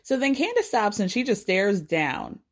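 Opinionated woman with a lively voice. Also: medium pitch, moderate pace. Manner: opinionated, animated retelling with frequent laughs and sighs. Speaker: reality TV recapper. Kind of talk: casual episode recap.

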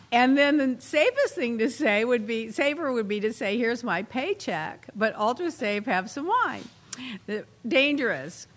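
A woman's voice: on the high side, animated, normal speed, fairly bright tone. A woman hosting a casual chat show, chatty and opinionated, laughing as she reads out jokes. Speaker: host.

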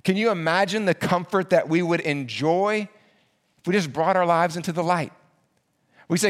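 A man preaching a sermon as pastor, earnest, slowing down to repeat key phrases for emphasis. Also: sits high.

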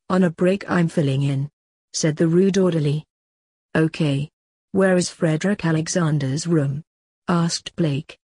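Woman narrator, low-ish husky voice, dry close sound. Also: dark tone, dry recording. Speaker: podcast host and author reading her story. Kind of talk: storytelling narration.

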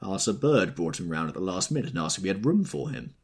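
A man's voice: low voice, sing-song, fast talker, breathy edge, heavily acted. A man voicing a wry, cool young woman.

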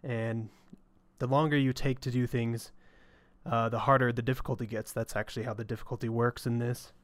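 Male podcast co-host, mid-pitch plain voice, halting explainer. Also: little pitch movement, dry recording. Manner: explains with hesitant fillers. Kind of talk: casual gaming chat.

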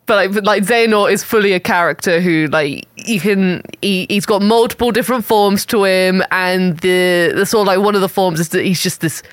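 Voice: medium pitch, normal speed, hardly any pauses, dry recording, clean studio sound. A podcast co-host chatting casually about games, rambling with lots of fillers and enthusiasm. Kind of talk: casual gaming chat.

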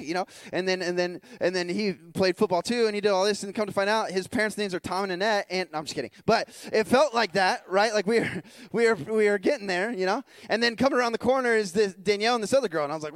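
A male worship leader telling a story in a sermon, animated and chatty, often restarting and asking the room "right?". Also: high voice, quick pace, no echo. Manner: animated, chatty storyteller who acts out dialogue; frequent restarts and rhetorical "right?".

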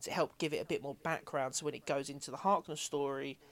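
Eager man pitching ideas. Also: fairly even intonation, quick pace, a bit bright. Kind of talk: casual chat about film ideas.

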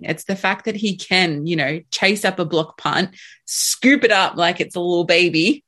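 A woman's voice: fairly low pitch, fairly bright tone. A woman co-hosting a sports podcast, talking with enthusiasm and restarting her sentences often. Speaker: podcast co-host. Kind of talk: casual sports chat.

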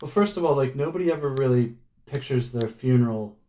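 A man's voice: medium pitch, brisk, mellow. A man telling a long, wry story in casual chat, with plenty of filler words and restarts. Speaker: musician guest.

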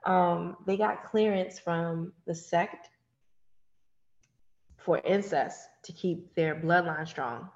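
A woman in casual chat about a TV show, animated and swearing freely. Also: on the low side, lo-fi sound. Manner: animated, swearing, talks fast in bursts.

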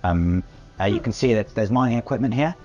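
A man's voice: fairly low pitch, fairly quick, a little mellow, dull audio, soft background music. A man narrating a tabletop game as game master, hesitant and dotted with fillers.

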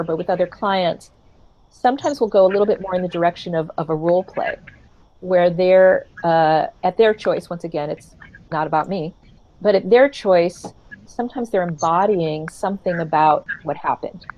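A woman, a therapeutic practitioner, telling a client's story in an earnest, reflective way with many pauses. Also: fairly low pitch, lo-fi sound. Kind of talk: storytelling in casual talk.

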